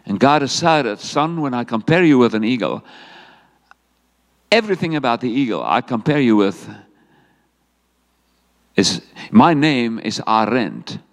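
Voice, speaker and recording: A middle-aged man with a South African accent preaches a sermon, telling his story with lively energy and stepping into quoted lines. His voice rings through a large hall with long reverb, sitting at a middle pitch for a man. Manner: animated storytelling preacher, voicing God and himself in quotes. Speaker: pastor. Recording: echoey hall sound.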